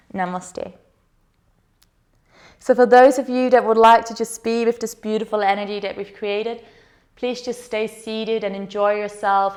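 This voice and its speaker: A woman yoga teacher leading a guided meditation with slow, soothing, gentle instructions. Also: medium pitch.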